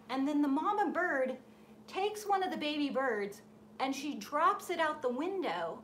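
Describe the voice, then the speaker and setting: A woman's voice: sits high, normal speed, a little hiss or hum. Storytelling woman hosting a live stream. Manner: animated storyteller, acts out voices in her anecdotes. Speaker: host of a painting and design group. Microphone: live stream setup.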